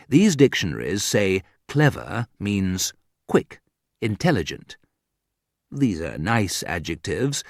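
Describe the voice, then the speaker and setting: Slow, lively male audiobook narrator. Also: fairly low pitch, no echo, clean studio sound. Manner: slow, deliberate reading for English learners.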